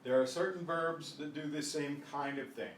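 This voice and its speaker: An older man teaching a Spanish class, slow and patient, often clearing his throat, recorded from a distance. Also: fairly high pitch, steady tone. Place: classroom at a senior center. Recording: echoey room, mic at a distance, faint noise.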